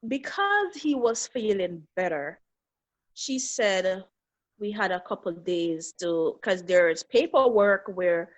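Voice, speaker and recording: A middle-aged woman speaks in earnest as she recounts a painful family loss. Her pitch sits mid-range for a woman, and she relives each moment, taking on the voices of the people in it. She sounds like a guest on a talk show. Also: animated, slow. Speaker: guest, bereaved mother. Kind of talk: emotional personal storytelling.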